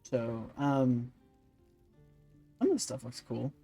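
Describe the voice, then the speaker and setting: A man's voice: medium pitch, very animated, slow pace, gravelly, mellow, muffled recording, faint music behind. A man hosting a let's-play video, rambling and thinking aloud with many fillers. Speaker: gaming channel host.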